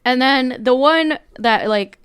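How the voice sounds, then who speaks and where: Young woman, podcast co-host, casual chat, blunt, swearing, rambling, smooth voice. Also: high voice, slow pace, a bit bright, no room sound, clean studio sound. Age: young adult.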